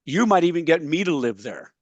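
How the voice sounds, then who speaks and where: A middle-aged man speaks in a fairly high voice, emphatic and folksy, the way a conference speaker works the room. He slows right down on the points he wants to land. The sound is dry and close, with little room around it. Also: sing-song, dry recording, dull audio. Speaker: soil health speaker. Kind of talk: animated conference presentation. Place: conference session.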